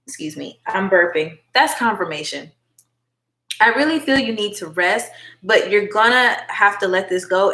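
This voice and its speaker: A woman's voice: mid-range voice, pushed and bright. A woman giving a chatty, affectionate live tarot reading, calling viewers honey and baby girl. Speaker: tarot reader and livestream host. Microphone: phone. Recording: echoey room.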